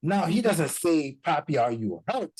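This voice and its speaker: A man's voice: fairly high pitch, measured pace, husky, rough recording. A man, talking casually as a guest and acting out quotes from parents and children. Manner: animated storyteller, acts out quotes. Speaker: guest speaker. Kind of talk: casual chat, code-switching.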